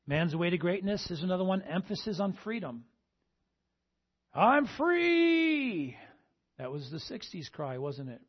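A man's voice: fairly high pitch, fairly quick, few pauses, slightly rough, muffled recording. A male pastor preaching a sermon and asking the congregation "amen?" between points. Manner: call-and-response, repeating "amen?" to the congregation.

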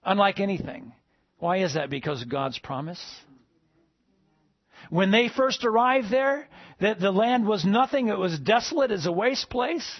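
Emphatic male preacher, slightly high voice. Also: expressive, a little slow, no room sound, muffled recording. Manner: preachy, rising to emphatic peaks then dropping soft. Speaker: pastor. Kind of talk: sermon.

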